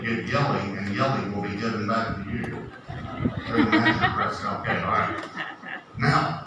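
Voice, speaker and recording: A man preaching a sermon, emphatic, repeating key phrases and asking the audience questions. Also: medium pitch. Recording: echoey distant noisy room recording.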